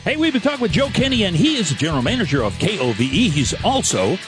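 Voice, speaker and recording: A male radio co-host who talks fast and teases his partner. His pitch jumps all over the place. Music plays behind him. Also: big pitch swings. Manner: quick, teasing, affirming. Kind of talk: casual radio banter.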